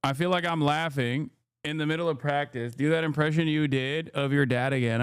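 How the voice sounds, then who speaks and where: A man in his thirties doing live stream reaction commentary, sarcastic and deadpan, laughing often. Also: on the high side, fairly quick, clear, resonant tone, no echo, studio quality.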